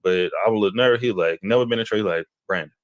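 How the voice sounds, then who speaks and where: Animated man telling a story, dry sound. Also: lowish voice, very fast, dry recording. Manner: animated storyteller who acts out quotes. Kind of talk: casual storytelling chat.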